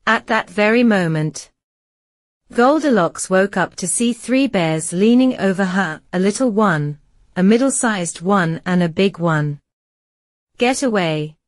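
A woman narrating a children's story slowly and carefully for English learners. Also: medium pitch, expressive, no echo, studio quality. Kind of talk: slow scripted story narration.

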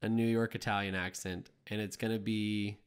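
A young man co-hosting a podcast in casual chat, chatty and quick to laugh. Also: lowish voice, clear, resonant tone. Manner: laughs often, chatty and excitable. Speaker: podcast co-host.

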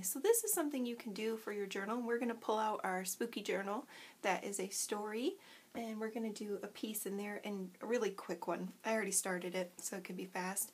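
Woman, casual craft vlogger, fry-tinged voice, self-mocking and giggly, slight mouthful from a cough drop. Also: medium pitch, a little hiss or hum. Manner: chatty and self-deprecating, giggles often, many ums. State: talking around a cough drop. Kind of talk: casual craft tutorial chat. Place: home at night, indoors.

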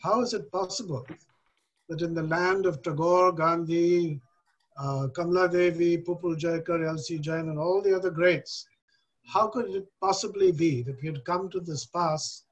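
An older man from India speaking on a panel discussion, measured and deliberate, stressing key points. He talks over a video call. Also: fairly high pitch, fairly even intonation, poor audio.

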